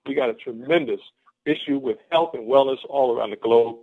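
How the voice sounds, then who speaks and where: A man's voice: medium pitch, fairly quick, creaky. A man giving an exuberant, repetitive motivational pep talk on a conference call. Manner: exuberant, repetitive, laughs often. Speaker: guest speaker on a team conference call. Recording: phone-line conference call.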